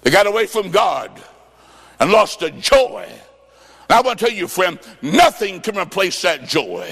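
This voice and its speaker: A male preacher delivers a sermon with a high, gravelly voice, telling stories and voicing both sides of a conversation. He jokes and punches key words, swinging from loud to soft. His voice rings with a long reverb through a large church hall. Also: sing-song, a little slow. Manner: jokey, emphatic, swings between loud and soft.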